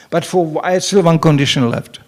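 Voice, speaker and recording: A middle-aged temple president with a slightly high voice gives a humorous scripture lecture in a temple hall. He's an animated storyteller who performs the voices he quotes.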